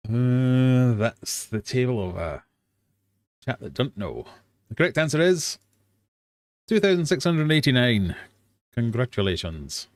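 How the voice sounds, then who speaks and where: A man's voice: medium pitch, sing-song, a little slow, pauses often, dry recording, clean studio sound. A man hosting a casual live-streamed quiz for fishkeepers, chatty and jokey with self-deprecating asides. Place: home fish room.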